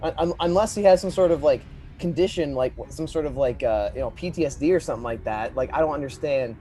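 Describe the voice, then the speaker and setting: A man co-hosting a casual podcast, rambling and animated, often acting out quoted lines. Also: a little high, quick pace. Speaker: podcast co-host.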